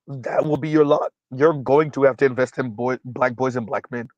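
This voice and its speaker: A man's voice: medium pitch, fairly even intonation, moderate pace, darkish tone, no echo, dull audio. A man hosting a livestream, speaking bluntly and emphatically, repeating his points, and stumbling over fillers while he recalls names. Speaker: livestream host. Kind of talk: casual livestream commentary.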